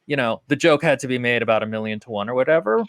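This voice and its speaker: A man's voice: medium pitch, racing, fairly bright tone, no room sound, clean studio sound. A man co-hosting a casual book podcast, analytical and talking in long winding sentences. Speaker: podcast co-host.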